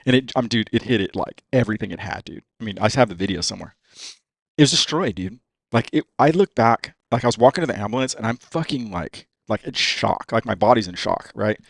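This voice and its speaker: Gravelly low-voiced man, casual podcast guest. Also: animated, quick pace, no room sound. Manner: profane, says "dude" constantly. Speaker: racing driver guest. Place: podcast studio.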